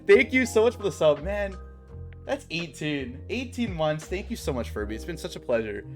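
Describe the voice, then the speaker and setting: A man's voice: on the high side, big pitch swings, normal speed, soft background music. A young adult man streaming, telling a work story in casual chat, swearing and saying bro a lot.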